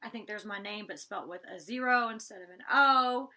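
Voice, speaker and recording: A woman's voice: medium pitch, a little fast, bright, forceful tone. A woman casually recapping a reality show she was on, chatty, full of "like"s and restarts. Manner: talks to her dog mid-recap. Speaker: reality show cast member recapping an episode.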